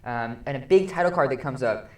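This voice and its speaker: Excitable teen boy, echoey room. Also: medium pitch, fairly quick. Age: teens. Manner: excitable, gushing, acts out scenes. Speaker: student film reviewer. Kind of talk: casual film review chat. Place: school studio room.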